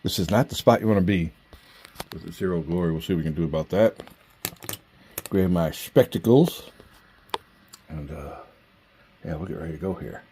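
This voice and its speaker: A man's voice: low voice, moderate pace, long pauses, slight background noise. A man hosting a solo board game, reading card text aloud and musing over each draw with easy fillers. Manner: hushed and quiet at first. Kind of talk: casual gameplay commentary.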